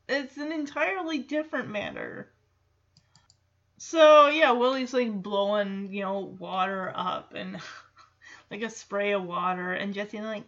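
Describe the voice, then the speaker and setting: A woman's voice: medium pitch, expressive, measured pace, a bit bright. A woman chatting casually through a film reaction, with many fillers and asides, in a lo-fi recording.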